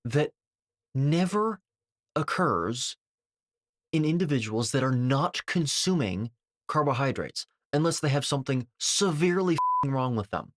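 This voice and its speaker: A man's voice: medium pitch, lively intonation, measured pace, a bit bright, dry recording, clean studio sound. A man giving a dismissive, combative reaction commentary, packed with technical jargon and occasional swearing.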